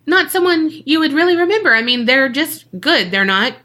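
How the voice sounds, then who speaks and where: A woman's voice: sits high, animated, brisk, sharp tone. A woman, co-hosting a podcast and telling a story in a casual, jokey way that is full of swearing. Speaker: podcast co-host.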